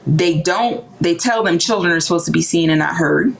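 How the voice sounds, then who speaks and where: Woman, low voice, animated, casual talk, acts out voices. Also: normal speed, creaky, poor audio. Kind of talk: casual conversational discussion.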